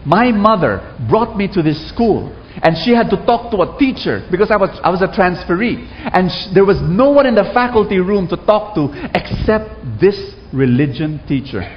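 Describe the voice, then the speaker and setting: A man's voice: high-pitched, very animated, moderate pace, few pauses, slight background noise. A man preaching a sermon to a congregation, telling stories and asking them to repeat after him. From Philippines. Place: church hall with congregation. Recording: dull echoey hall recording.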